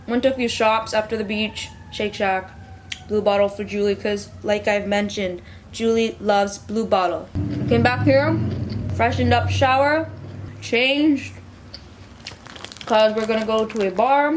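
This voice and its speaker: A woman's voice: on the high side, a little slow, slight background noise. Chatty young woman vlogging. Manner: chatty, rambling, addresses viewers as y'all. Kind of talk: casual vlog chat.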